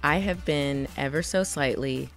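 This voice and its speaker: A woman's voice: sits low, a little slow, fairly bright tone, faint music behind. A woman co-hosting a podcast, enthusiastic and laughing as she chats with a guest. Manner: enthusiastic, laughing, hype phrases. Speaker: podcast co-host. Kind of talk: casual interview chat.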